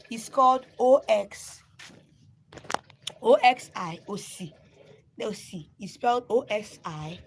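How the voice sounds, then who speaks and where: A woman's voice: mid-range voice, a little hiss or hum, low-quality recording. A young Nigerian woman, a native Igbo speaker, teaching words on a phone live stream, repeating and spelling each word out and urging viewers to write them down. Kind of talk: casual live lesson.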